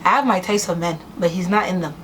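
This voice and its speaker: A woman's voice: fairly low pitch, fast, fairly bright tone, a little hiss or hum, low-quality recording. A young woman from New York City hosting a casual chat with her cousin, teasing and laughing often. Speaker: host.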